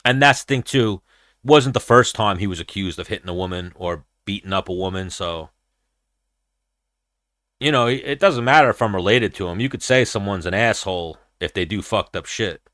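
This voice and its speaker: This podcast host talks combat sports casually, in a blunt, profane, rambling way. His voice sits on the low side with lively intonation, normal speed and a fairly bright tone. The studio recording is clean, with no room sound.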